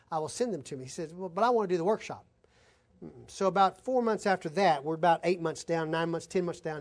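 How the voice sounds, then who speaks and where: A man preaching a conversational sermon to his congregation, telling stories and talking straight to the folks in the room. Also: sits high. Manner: conversational preaching, addresses folks directly, tells anecdotes. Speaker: pastor.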